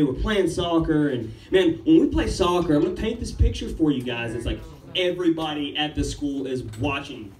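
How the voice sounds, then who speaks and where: A man's voice: a little high, a little mellow. A young man from Ethiopia doing a rambling, laid-back stand-up comedy set with lots of swearing. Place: open-mic comedy room. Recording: roomy, distant room mic with faint background noise.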